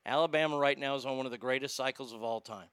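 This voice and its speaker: Male podcast host, profane and rambling, bright crisp voice, dry close mic. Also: mid-range voice, fast talker, no room sound. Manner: profane, rambling, reads listener comments aloud. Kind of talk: casual commentary.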